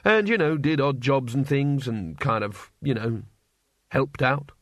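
A man voicing a flat, glum failed wizard. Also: mid-range voice, a little slow, no room sound, studio quality. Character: gloomy, pessimistic male failed wizard.

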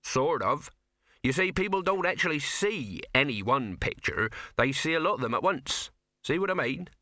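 A man's voice: a little high, lively intonation, moderate pace, pushed and bright, dry recording, voice pushed up. A man voicing a chatty older male film craftsman who eagerly explains his trade, in an audiobook reading. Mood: explaining.

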